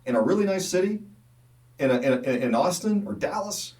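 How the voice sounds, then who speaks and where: A middle-aged man co-hosts a casual local podcast, telling stories in an animated way, acting out quoted dialogue and laughing often. His voice sits high and is fairly quick, and he sounds far from the mic.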